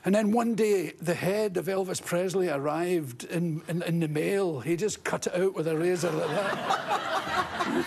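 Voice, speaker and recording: A man's voice: sits high, a little slow, vocal fry, a little hiss or hum. Scottish man spinning comic anecdotes. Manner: animated, laughing anecdotes with put-on voices. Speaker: comedian guest. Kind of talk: storytelling talk-show interview.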